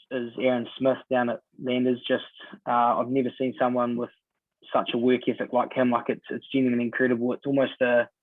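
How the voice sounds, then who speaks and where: A man's voice: medium pitch, no echo. Laid-back New Zealand man, tinny sound. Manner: relaxed storytelling, many ums and sort-ofs. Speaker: guest rugby player. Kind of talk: casual podcast chat. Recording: dry, tinny phone-like sound.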